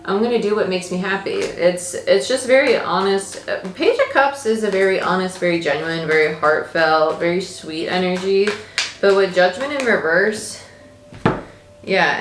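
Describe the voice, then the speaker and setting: A woman's voice: lowish voice, reverberant, a little hiss or hum. A woman tarot reader talking casually and animatedly as she reads her cards, thinking aloud as she goes.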